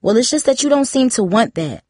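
A defensive teenage girl who keeps her answers short and sharp, as a woman narrator voices her. Her voice sits slightly higher and a touch louder than the narration around it, and the sound is close and dry. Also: big pitch swings, a little fast, no room sound. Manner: curt, defensive retorts. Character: teenage girl, guarded and quick to snap.

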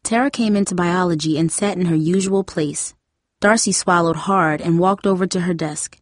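A woman reads a children's novel aloud in an even, measured storytelling voice. Her voice is fairly low for a woman. The recording is dry and close, with no room sound. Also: no room sound. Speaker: audiobook narrator. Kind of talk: scripted narration.

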